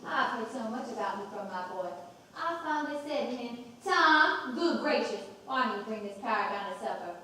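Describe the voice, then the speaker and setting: A woman's voice: a little high, fairly quick, bright, forceful tone, a little hiss or hum. An actress playing a gushing faded Southern belle mother. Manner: gushing, chattering, theatrical. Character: fussy, nostalgic middle-aged mother, faded Southern belle. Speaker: stage actor. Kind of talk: live stage play acting. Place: college theater stage. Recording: echoey theater from far off.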